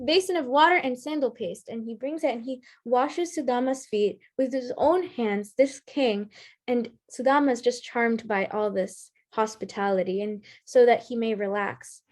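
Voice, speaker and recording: A woman telling a story at a live storytelling performance, animated and lively, with small restarts. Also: on the high side, normal speed.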